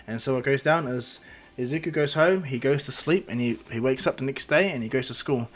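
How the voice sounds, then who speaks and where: A man's voice: mid-range voice, fast talker, a bit bright. Rambling casual male storyteller. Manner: casual, rambling, many fillers. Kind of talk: improvised fan-fiction narration.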